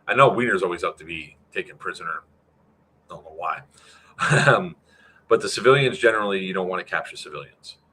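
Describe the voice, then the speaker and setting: Male event organizer, deep, bright-edged voice, casual rambling update style. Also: lively intonation, a little fast, slight background noise. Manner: rambling, filler-heavy, answers chat.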